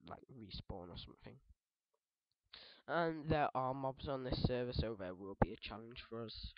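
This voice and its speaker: British teen rambling over a let's play, jokey, keeps correcting himself, dull dry cheap mic. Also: male voice, mid-range voice, dry recording. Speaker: gaming video host. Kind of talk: casual let's play commentary.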